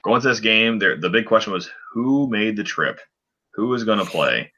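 Deep-voiced man recapping hockey, lo-fi. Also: animated, moderate pace, sharp tone. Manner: rambling play-by-play recap with frequent fillers. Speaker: podcast co-host. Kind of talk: casual sports podcast chat.

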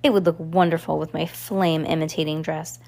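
A woman's voice: low voice, steady tone, normal speed, darkish tone. A woman voicing a vain, scheming society villainess in a storybook reading, with a purring, haughty manner.

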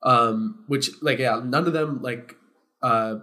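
A young man co-hosting a podcast, telling a story casually to friends. He gets loud and laughs when worked up. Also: medium pitch, slow. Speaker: podcast co-host.

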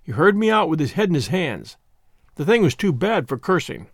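A man narrating a first-person adventure story in measured storytelling, acting out the dialogue. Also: fairly high pitch, big pitch swings, no echo, studio quality. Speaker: audiobook narrator.

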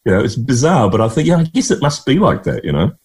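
A man's voice: mid-range voice, very animated, quick pace, a little mellow. A middle-aged Australian man from Queensland, a guest telling rambling, chuckling anecdotes and mimicking people in a casual interview.

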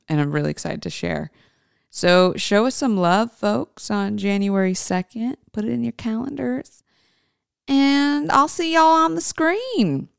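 Woman, podcast host, casual chat, gravelly fry, smooth resonant tone. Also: mid-range voice, no room sound, studio quality. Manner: chatty and informal, addresses listeners as folks.

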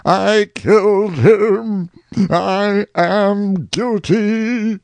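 A high, gravelly old farmer pours out an anguished confession, raging and pleading with slow, drawn-out words, as a male audiobook reader puts him on. The recording is dry and close. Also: lively intonation, dry recording, exaggerated voice. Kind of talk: audiobook reading.

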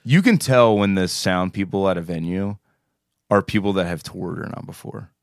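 A man's voice: sits low, normal speed, vocal fry, no echo. A man, co-hosting a podcast in easygoing chat with dry jokes. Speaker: podcast co-host, touring musician. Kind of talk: casual chat.

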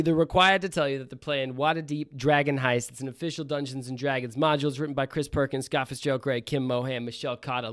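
A loud, rude trash driver with a put-on New York accent that slips toward Australian, as a man puts him on. He talks big and crude, and the voice sits a little high. He rambles through his pitch with swagger. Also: clear, resonant tone, lightly acted. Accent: put-on New York with a bit of Australian. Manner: boisterous, crude, rambling ad read.

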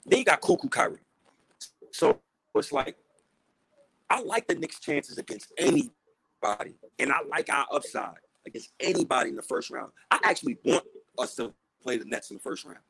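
A man's voice: moderate pace, no echo, poor audio. A man co-hosting a casual sports podcast, talking in a heated, joking way. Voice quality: gravelly, husky. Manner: animated, jumping pitch, heated and joking. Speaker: podcast co-host.

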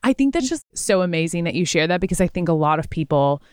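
A woman's voice: fairly low pitch, expressive, fast, darkish tone, clear, resonant tone, no echo, studio quality. A woman co-hosting a podcast, affirming and thanking her guest before asking her questions. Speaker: podcast co-host. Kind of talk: conversational interview.

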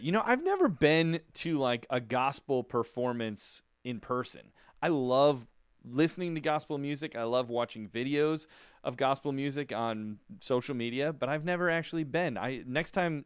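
A man's voice: mid-range voice, expressive, normal speed, clean tone, no echo, studio quality. A man co-hosting a casual holiday podcast, enthusiastic and chatty, reading listener reviews aloud. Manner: enthusiastic, reads reviews in a put-on accent. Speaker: podcast co-host.

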